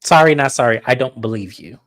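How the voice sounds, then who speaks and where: A woman's voice: rumbling low, fairly quick. A woman recapping a reality show in casual commentary, blunt and opinionated, swearing freely.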